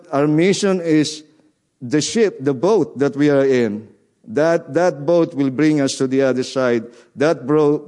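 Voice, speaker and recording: A man's voice: mid-range voice, darkish tone. A man preaching a sermon in earnest, repeating his key phrases, with non-native grammar. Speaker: guest preacher.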